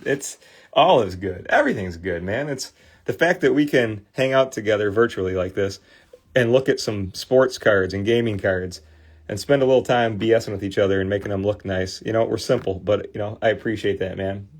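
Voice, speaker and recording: A man's voice: fairly low pitch, fairly quick. Chatty Midwestern man hosting a livestream. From Michigan, US Midwest. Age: 40s. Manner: chatty, talks to viewers with many fillers and restarts. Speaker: livestream host restoring trading cards. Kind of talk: casual livestream chat.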